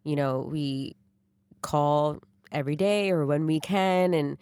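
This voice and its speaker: A woman with a low voice who co-hosts a casual family podcast. She keeps the talk moving with quick, teasing asides. The sound is dry, with no room echo. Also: darkish tone, smooth. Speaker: podcast co-host, daughter.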